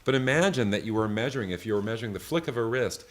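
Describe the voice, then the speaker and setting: A man giving a live online software tutorial, loose and chatty, often checking in with "right?". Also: fairly low pitch, animated, racing. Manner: loose, full of fillers and restarts. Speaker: software creator teaching a session.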